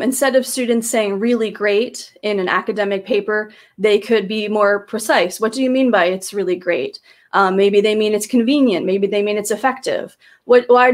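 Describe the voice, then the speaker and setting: A woman presenting slides to teachers, explaining in a patient way with frequent fillers and restarts, speaking into a computer microphone on a video call. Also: medium pitch. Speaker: teacher trainer presenting a webinar.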